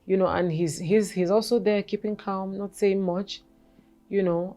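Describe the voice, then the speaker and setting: A woman in her forties, appearing as an interview guest, tells her personal story in a medium-pitched voice, halting and repeating words before becoming animated. Faint music plays behind her.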